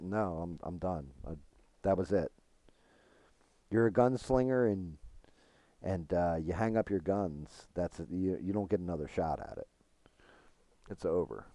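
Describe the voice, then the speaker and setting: A middle-aged man chats loosely through a game stream, frank and rambling, with casual swearing. His voice sits very low and sounds mellow and dark. It comes across close and dry, with no room sound. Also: a little slow, long pauses, no room sound. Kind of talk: casual gaming stream chat.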